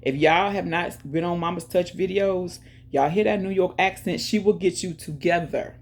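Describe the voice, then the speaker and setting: A woman hosting her own channel, chatting casually and directly to viewers, giving shout-outs and talking about faith. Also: lowish voice, normal speed. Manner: chatty, talks straight to viewers with lots of "y'all". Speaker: YouTube channel host. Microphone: earphones in, music playing in her ear.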